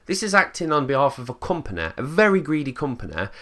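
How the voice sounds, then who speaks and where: A man's voice: medium pitch, sing-song, fast talker, fairly bright tone. A man with an English accent ranting bluntly in a casual monologue, swearing freely and acting out quotes in put-on voices. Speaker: channel host.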